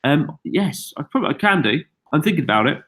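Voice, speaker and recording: Chatty British male host, self-deprecating, mid-pitched, live Q&A from a cabin. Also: sing-song, quick pace, a bit bright. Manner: chatty, self-mocking, reads viewer questions aloud. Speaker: YouTube host answering viewer questions. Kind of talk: casual live-stream chat. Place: log cabin on a mountain.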